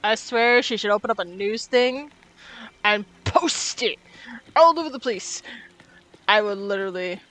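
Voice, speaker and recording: A woman's voice: medium pitch, measured pace, pauses often, a bit bright, soft background music. A woman streaming a video game, chatting casually and muttering to herself as she plays. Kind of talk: casual gaming stream commentary.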